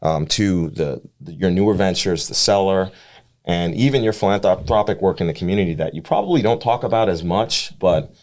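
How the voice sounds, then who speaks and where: A man's voice: low-pitched, normal speed, darkish tone. A man hosting a podcast, asking long, rambling, effusive questions and restarting his sentences as he talks. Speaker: podcast host. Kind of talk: casual interview chat.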